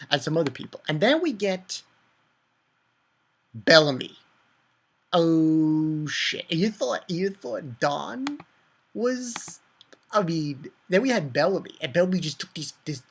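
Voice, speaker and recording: A man giving a casual manga chapter review, excitable and profane, rambling with many fillers. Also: a little high, slightly rough.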